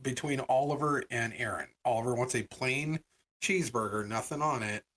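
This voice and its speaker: A man co-hosting a podcast in casual chat, telling an animated story and acting out the voices of the people in it. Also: medium pitch, moderate pace, slight background noise. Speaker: podcast co-host.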